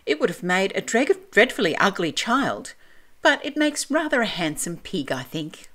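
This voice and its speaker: Polite young storybook girl, prim and earnest, expressive; woman reader. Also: medium pitch, moderate pace.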